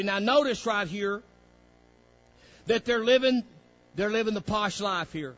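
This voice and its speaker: A man's voice: sits high, measured pace, long pauses, fairly bright tone, dry recording, highs cut off. Folksy man teaching the Bible. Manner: folksy, preacherly, frequent "praise God". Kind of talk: Bible study lesson with young students.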